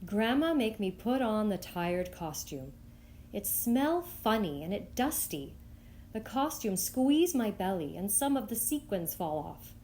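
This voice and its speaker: Expressive woman reading a picture book. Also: a little slow, slight background noise. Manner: expressive, lifting high for the child's voice. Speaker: storytime reader.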